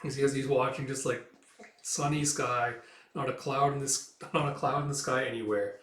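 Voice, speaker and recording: A man's voice: mid-range voice, steady tone, moderate pace, a bit bright. Casual man retelling a comic. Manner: casual, filler-heavy retelling. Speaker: comic reviewer. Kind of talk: casual read-through of a comic. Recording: roomy, mic at a distance.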